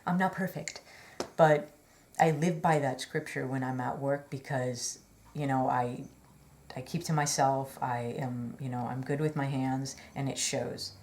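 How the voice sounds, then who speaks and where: A woman's voice: very deep voice, fairly even intonation, a little slow, a little mellow, a little hiss or hum. A woman telling a personal story in a chatty, rambling way, earnest and full of fillers and apologetic asides. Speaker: vlogger.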